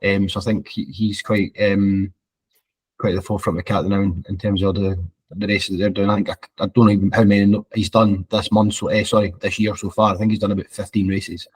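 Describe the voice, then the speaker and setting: A man's voice: on the low side, flat delivery, fairly quick, slightly rough. A Scottish man co-hosting a running podcast, chatting casually with many fillers. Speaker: podcast co-host. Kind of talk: casual chat.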